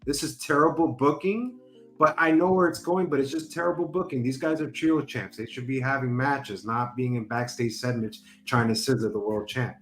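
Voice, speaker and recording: A man's voice: medium pitch, moderate pace. Man, co-host, blunt, critical, repetitive, casual chat, music in background. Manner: blunt, critical opinions, repeats himself. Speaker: podcast co-host.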